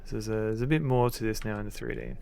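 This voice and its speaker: A man casually commentating as he plays a retro adventure game, relaxed and rambling with wry asides. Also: lowish voice, rapid-fire, gravelly, slight background noise.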